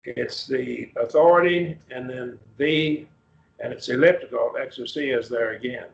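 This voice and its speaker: In a church classroom, a man with a gravelly mid-range voice teaches a Bible class on a Greek text. He explains slowly and step by step, quizzes his students and restarts often, and the recording sounds roomy and muffled.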